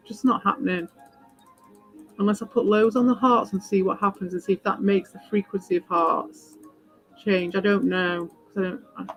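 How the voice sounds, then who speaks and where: Woman, game streamer, rambling casual chat, swears a lot, mid-pitched voice, faint music behind. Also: low-quality recording. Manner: rambling, swears freely, gets worked up. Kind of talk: casual live-stream chat while playing.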